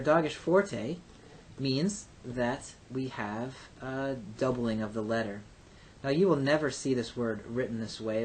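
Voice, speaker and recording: Methodical male language teacher, faint rumble. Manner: methodical, explains step by step with frequent uh and um. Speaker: Hebrew teacher. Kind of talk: recorded grammar lecture.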